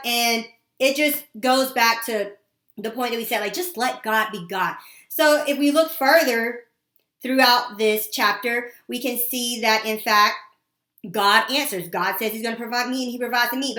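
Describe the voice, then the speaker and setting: A woman's voice: fairly high pitch, sharp tone. Conversational woman teaching scripture, echoey. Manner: conversational, paraphrases scripture in slangy everyday speech. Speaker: Bible teacher. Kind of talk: casual Bible teaching.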